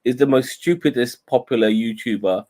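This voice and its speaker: A man's voice: medium pitch, normal speed, a little mellow. A man co-hosting a casual podcast chat, hesitant and sweary, with many stammered restarts. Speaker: podcast co-host.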